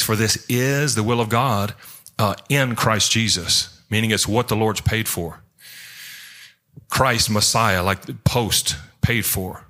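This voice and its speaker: A male pastor preaching a sermon in church, in an animated, rambling way, acting out quotes as he jumps between points. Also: lowish voice.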